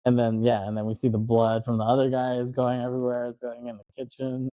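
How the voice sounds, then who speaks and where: Mellow-voiced man retelling a film. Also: mid-range voice, monotone, no echo, highs cut off. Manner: rambling, acts out lines in quick voices, laughs often. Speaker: podcast co-host. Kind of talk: casual chat recapping a film.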